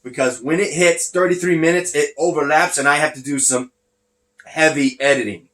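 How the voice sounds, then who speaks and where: Rambling man, breathy through a mask. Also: on the high side, steady tone, moderate pace, fairly bright tone. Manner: rambling, loses his train of thought. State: short of breath. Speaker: podcast host. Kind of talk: casual wrestling recap chat. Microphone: wearing a face mask.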